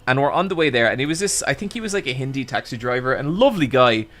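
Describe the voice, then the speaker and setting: A young man telling a long, animated story to his stream chat, swearing often and stumbling over restarts. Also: mid-range voice, fast. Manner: animated, swearing, with frequent restarts and "I'm like" quotes.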